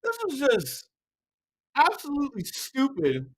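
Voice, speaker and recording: A young adult with a New York accent co-hosts a live reaction stream in loose, casual talk. The voice swings widely in pitch as it rants, jokes and swears. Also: huge pitch swings, unhurried, low-quality recording. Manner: loud, profane, joking rants.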